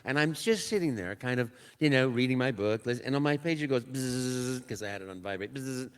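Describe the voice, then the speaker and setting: An older man, a voice actor, telling a lively story on a convention panel and acting out quotes and sound effects. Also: mid-range voice, fairly quick, smooth, in a large hall. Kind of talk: anecdotal storytelling.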